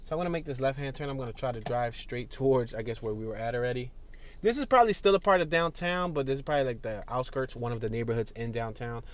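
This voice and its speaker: A fast-talking man with a mid-range voice gives running commentary from his car in city traffic. The driving tour vlogger keeps things chatty, laughs often, and addresses people outside the car.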